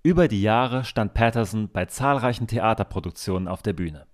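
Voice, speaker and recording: A man with a fairly low voice reads scripted documentary narration. He introduces each topic in an even, informative way.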